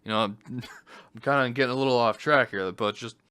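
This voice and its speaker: Male vlogger, sharp bright tone, swears constantly, fed-up rant over a screen recording. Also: mid-range voice, a little fast, clear, resonant tone. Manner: heavily profane, exasperated. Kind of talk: angry ranting commentary.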